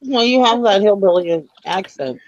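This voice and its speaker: A woman's voice: mid-range voice, expressive, normal speed, dull audio, noisy background. A woman from Minnesota with a Minnesotan accent, chatting in a self-mocking way with other resellers over a phone. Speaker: reseller guest. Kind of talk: casual group chat.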